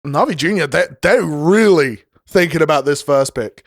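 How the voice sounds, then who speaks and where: A young man, casting a live esports match solo, racing through rapid play-by-play that builds to shouting at big fights, with chatty asides to his stream chat. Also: a little high, animated, dry recording, clean studio sound. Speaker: esports caster. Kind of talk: solo live game commentary.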